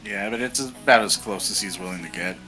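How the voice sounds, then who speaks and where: A man's voice: lowish voice, fairly quick, pushed and bright, soft background music. A man playing in a tabletop game, talking hesitantly with lots of fillers. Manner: hesitant, filler-heavy, thoughtful. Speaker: player. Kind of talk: casual tabletop role-play.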